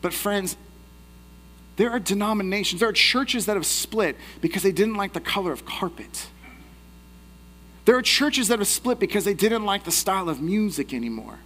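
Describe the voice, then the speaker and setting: A man's voice: high voice, expressive, normal speed, fairly bright tone, in a large hall. A man preaching a sermon, telling a story that pulls the listeners into imagined scenes. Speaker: pastor.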